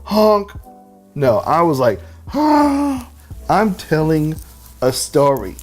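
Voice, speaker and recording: Man preaching with animated, joking stories. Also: fairly high pitch, husky. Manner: animated storytelling with self-deprecating humor. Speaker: pastor. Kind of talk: sermon.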